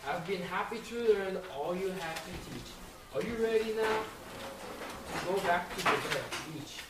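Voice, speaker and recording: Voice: medium pitch, a little slow, close to an everyday voice. A teen reading as a curious little bear cub. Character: little bear cub asking his dad questions. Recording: echoey, distant, noisy.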